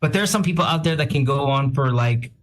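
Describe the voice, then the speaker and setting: A male radio host in casual chat, reading out listener shout-outs with quick self-deprecating asides and a slightly sick-sounding voice. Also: mid-range voice, lively intonation, a little hiss or hum. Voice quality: says he sounds a bit sick.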